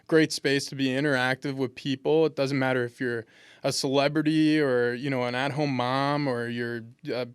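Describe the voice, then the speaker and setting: In a casual interview, a pro football lineman in his twenties spins humorous, laid-back anecdotes with plenty of restarts. His mid-range voice is steady and clean at a moderate pace, captured in studio quality with no echo.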